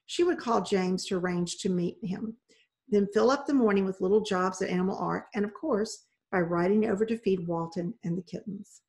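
A woman reading a children's novel aloud in a steady, measured way. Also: medium pitch. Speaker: reader.

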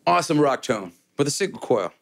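A man's voice: a little high, big pitch swings, brisk, creaky, fairly bright tone. A man talking through a guitar demo in a loose, joking way. He rambles, backtracks and restarts his sentences, dropping fillers and wisecracks as he goes. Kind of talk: casual gear demo chat.

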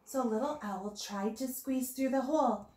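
A woman teacher reading a picture book aloud to children in an animated way, stopping to ask her listeners questions. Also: a little high, moderate pace. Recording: echoey room.

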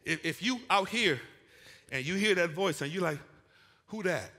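A male pastor preaching a lively sermon, calling out to the congregation and swinging from quiet asides to loud shouts. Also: high-pitched, moderate pace, long reverb tail, slight background noise. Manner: animated preaching with call-and-response, rising to shouts. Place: church sanctuary.

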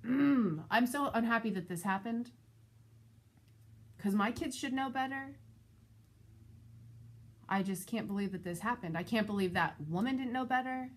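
A woman with a slightly high, husky, breathy voice tells a story from her own life. Her delivery is casual and animated, jumping up in pitch when she is exasperated. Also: moderate pace, pauses often. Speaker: vlogger telling a personal story; parent of school-age kids.

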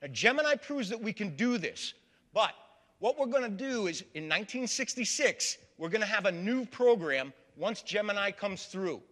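A man's voice: high voice, very animated, moderate pace, fairly bright tone. A man giving a public history lecture to a live audience, storytelling and calling them folks. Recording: long reverb of a large hall.

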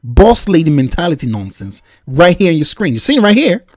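Nigerian-born guy lecturing over a clip, very animated pitch, dry close sound. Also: a little fast, dry recording. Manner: lecturing, opinionated, laughs at the clip. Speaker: reaction video host. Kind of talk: commentary reacting to a clip.

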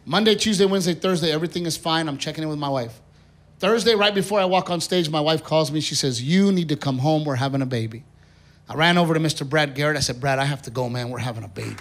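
High-voiced man telling stand-up stories. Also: quick pace. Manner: animated storytelling, acting out quoted voices. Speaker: stand-up comedian. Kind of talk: stand-up comedy set. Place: comedy theater stage with live audience. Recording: live stage recording with crowd noise. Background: audience laughter and applause.

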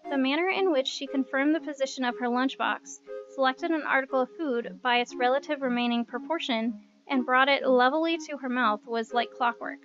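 A woman narrating a visual novel aloud, expressive, with playful asides. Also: sits high, a little fast. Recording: dull lo-fi recording with music.

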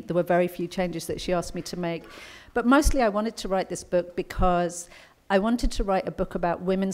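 A woman's voice: lowish voice, mellow. A middle-aged woman with an English accent, an author speaking at a conference luncheon in a chatty, anecdotal storytelling manner. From England.

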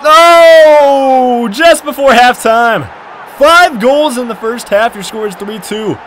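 A man giving excited, trash-talking commentary over his own football video game match, often shouting. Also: very high voice, takes it slowly, a faint crowd, a little hiss or hum. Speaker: gaming commentator.

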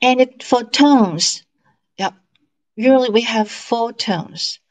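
Female teacher, very slow and deliberate delivery, online class. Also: on the high side. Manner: slow, deliberate, drawn-out demonstration of sounds. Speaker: Mandarin teacher. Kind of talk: slow online language lesson.

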